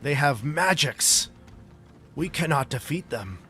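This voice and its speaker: Man doing a gruff refined stone giant, slow measured speech, raised voice, faint music behind. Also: a little high, lively intonation, sharp tone, pitched above the performer's own voice, full character voice. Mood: wary. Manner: slow, measured, weighty delivery.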